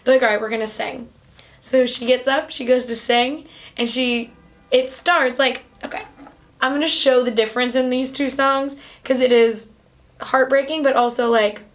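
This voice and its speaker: A woman with a bright, high voice recaps a movie in a loose, chatty way. She talks quickly and excitedly, scatters "like" everywhere and keeps slipping into voices to act out quotes. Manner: animated, fast retelling with many "like"s and acted-out quotes. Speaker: podcast host. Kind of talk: casual chat recapping a film.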